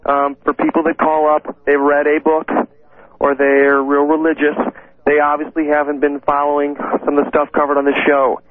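Male radio caller, slightly high and flat, rambling, phone-line sound. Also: no echo. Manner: rambling, halting with many fillers. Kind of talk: call-in radio.

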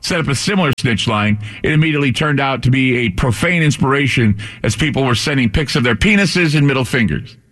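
A man's voice: mid-range voice, expressive, fairly quick, a bit bright. A man hosting a call-in talk radio show, speaking in a sardonic, mocking way. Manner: sardonic, mocking impressions of public figures.

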